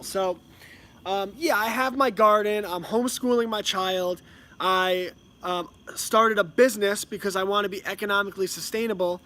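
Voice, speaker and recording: High-voiced man telling a rambling story. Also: bright, forceful tone, a little hiss or hum. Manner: rambling storyteller, many ums and restarts. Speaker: homeschooling parent. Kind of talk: casual monologue to camera. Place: at home.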